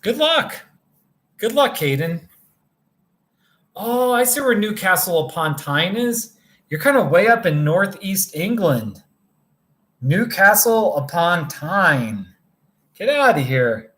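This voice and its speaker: A man's voice: high-pitched, animated, slow, a bit bright. A tired man hosting a casual livestream from a motel room, rambling as he chats with viewers by name. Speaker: livestream host reading viewer chat.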